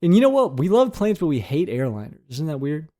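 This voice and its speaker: A man co-hosting a casual podcast speaks in a mellow voice, a little higher than most men's. He talks defensively and often stammers and restarts. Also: big pitch swings, brisk. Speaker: podcast co-host. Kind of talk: casual chat.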